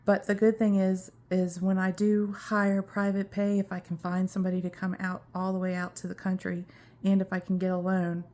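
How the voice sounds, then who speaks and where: A woman's voice: medium pitch, monotone, normal speed, warm tone. A woman talking earnestly to her viewers in a personal video diary, a little out of breath, repeating herself for emphasis. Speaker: vlogger.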